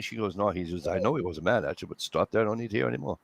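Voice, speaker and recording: A man casually telling a story among friends, profane and animated, acting out what everyone said. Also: lowish voice, normal speed, gravelly, a little hiss or hum. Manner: profane, animated storyteller who acts out quotes. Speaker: host.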